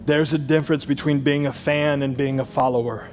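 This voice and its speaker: A pastor with a high-pitched male voice preaching with animated energy. He moves from near-shouted bursts to quiet, close passages. Music plays clearly behind him. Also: a little fast. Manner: animated preaching, swings from loud to low and intimate. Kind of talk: sermon.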